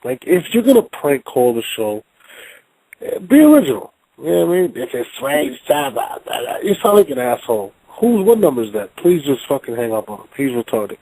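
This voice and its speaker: Rambling, profane call-in show host. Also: male voice, mid-range voice, very animated, a little fast, breathy edge, rough recording. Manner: loud, profane, rambling, repeats words. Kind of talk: casual call-in show chat.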